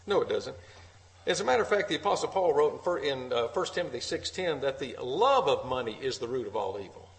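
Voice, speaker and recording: A man's voice: mid-range voice, expressive, fast talker, hardly any pauses, low-quality recording. A man preaching an earnest sermon at a church meeting, repeating key phrases for emphasis.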